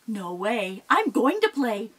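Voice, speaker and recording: A woman voicing a small, stubborn, playful billy goat in an oral storytelling performance, with a high, sing-song defiance. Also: very animated, slow pace, husky, full character voice. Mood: defiant.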